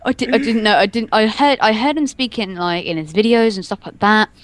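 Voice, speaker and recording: A woman's voice: medium pitch, fairly quick. A young adult woman telling a story in casual chat, rambling and giggling, stringing everything together with "and then". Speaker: podcast co-host telling a story.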